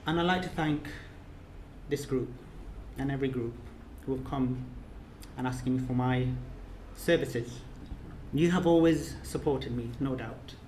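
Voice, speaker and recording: This earnest man, a course trainer, gives an emotional closing speech in a residence's reception room, where the sound echoes with faint ambience and slight background noise. His medium-pitched voice has a darkish tone and an unhurried pace, and his delivery is repetitive and emphatic.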